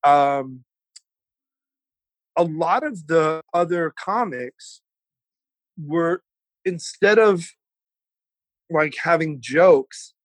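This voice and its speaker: Casting: male TV food host as guest, a touch high-pitched, chatty and crude, dry close sound. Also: expressive, no echo. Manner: chatty, profane, quick asides. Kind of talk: casual remote chat. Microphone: remote call.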